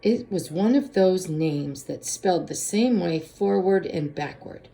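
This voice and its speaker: A woman's voice: fairly low pitch, animated, unhurried, gravelly, warm tone. A woman reading a storybook aloud and voicing a boy who talks casually and urges his friend on. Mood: urging.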